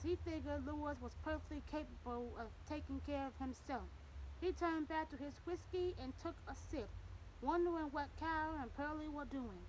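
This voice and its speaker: High-voiced woman narrating an audiobook. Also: a little hiss or hum, rough recording.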